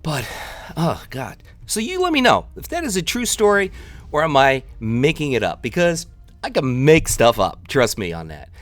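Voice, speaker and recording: A man's voice: a little high, wildly swooping pitch, moderate pace, no room sound. A man in his thirties from the New York area, casually telling a story and talking viewers through his gameplay in a chatty, rambling, teasing way. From New York area, United States. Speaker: gameplay commentator.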